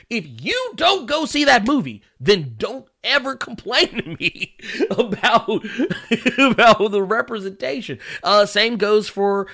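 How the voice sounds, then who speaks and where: A man in his thirties hosting a casual livestream. His bright, fairly high voice leaps up and down in pitch as he rants, swears freely and breaks into laughter. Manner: animated, ranting, profane, laughs often. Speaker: livestream host.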